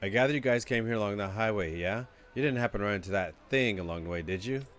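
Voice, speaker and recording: A man's voice: on the low side, quick pace, fairly bright tone, faint music behind, natural voice. A man voicing an eager townsperson who tells travelers about a bounty on a monster, reading game dialogue aloud in his everyday voice. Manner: reads the lines aloud in his own everyday voice.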